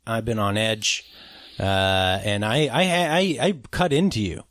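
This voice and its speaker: A man's voice: unhurried, no room sound, studio quality. A man hosting a horror podcast, chatting casually and joking as he plays voicemails. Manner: animated, joking, swings in pitch. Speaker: podcast host.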